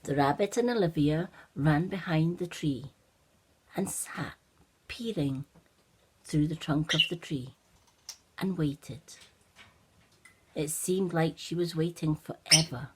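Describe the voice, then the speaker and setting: Older lady reading a bedtime story, slow and sing-songy, bit of hiss behind. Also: low voice. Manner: expressive, animated read-aloud.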